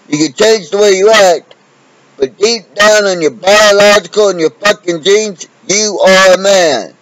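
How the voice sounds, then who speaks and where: A man's voice: sits high, no echo, rough recording. A man from the United States delivering an unscripted, combative monologue full of profanity. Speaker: vlogger.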